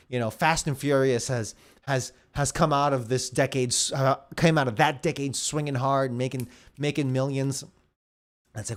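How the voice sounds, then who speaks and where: Laid-back podcast guy, mid-pitched. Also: fairly even intonation, moderate pace. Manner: laid-back, laughs easily, says dude. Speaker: podcast co-host. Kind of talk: casual movie review chat.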